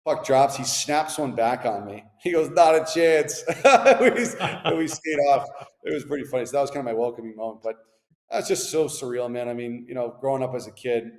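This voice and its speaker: A man in his thirties, a former hockey player, telling laid-back, slangy stories as an interview guest. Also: medium pitch. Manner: laid-back, animated anecdotes with slangy asides. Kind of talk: casual storytelling interview. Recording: echoey room with long reverb.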